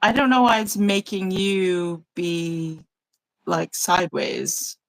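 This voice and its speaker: Slow-talking woman chatting while crafting. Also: on the low side, creaky, dry recording, low-quality recording. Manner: relaxed, chatty, often laughs, fillers like "like". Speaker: craft channel host. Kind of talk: casual live-stream chat while journaling. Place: home craft desk, on a video call. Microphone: phone or tablet mic over a video call.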